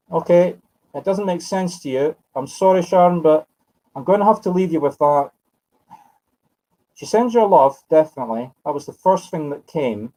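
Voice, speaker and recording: Mellow-voiced Scottish man in his fifties. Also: on the high side, rough recording. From Scotland. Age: 50s. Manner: musing, self-correcting, addresses sitters by name. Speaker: medium. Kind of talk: live spiritual reading broadcast.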